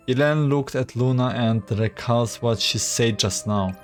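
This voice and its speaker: A man's voice: mid-range voice, expressive, moderate pace, hardly any pauses, soft background music. A man casually narrating a game story, with offhand comments and self-corrections.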